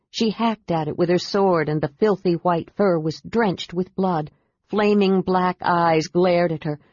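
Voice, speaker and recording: A woman with a low voice narrating a fantasy audiobook. She keeps a steady, measured pace. The recording is muffled and dry. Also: no echo.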